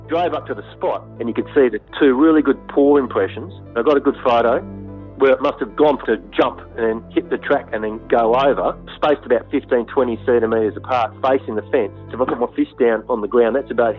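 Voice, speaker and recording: An Australian hunter telling a story in an interview, blunt and animated, with frequent fillers. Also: male voice, mid-range voice. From Western Australia. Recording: tinny phone-like sound, faint music.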